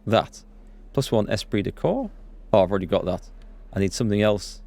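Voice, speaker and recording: A man hosting a let's play, reading the game's dialogue aloud with quick asides to viewers. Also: vocal fry. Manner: reads dialogue aloud with quick asides, jumps in pitch when excited. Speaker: gaming channel host.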